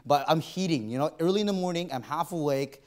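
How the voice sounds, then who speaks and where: A man's voice: on the high side, expressive, fast. A man preaching a sermon in a church, telling a personal story and acting out his own inner voice. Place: church auditorium.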